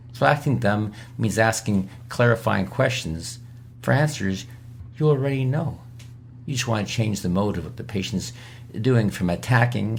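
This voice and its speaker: A man's voice: lowish voice, gravelly, slight background noise. A man speaking as a guest expert on an emergency medicine podcast, giving emphatic advice on handling difficult patients. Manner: emphatic, acts out patient lines in quotes. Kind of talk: podcast interview teaching.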